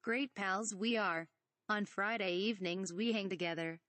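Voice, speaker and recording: A woman's voice: medium pitch, fairly even intonation, normal speed, fairly bright tone, no room sound, natural voice. A woman voicing a small, mischievous old male swamp creature who talks with his word order inverted, read from a parody script. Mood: teasing. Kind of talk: reading a fan parody script aloud.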